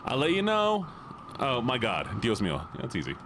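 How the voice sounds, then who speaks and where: A man's voice: mid-range voice, big pitch swings, normal speed, a bit bright, slight background noise. A man streaming a game live, who is playful as he reads viewer messages aloud and answers them in casual chat.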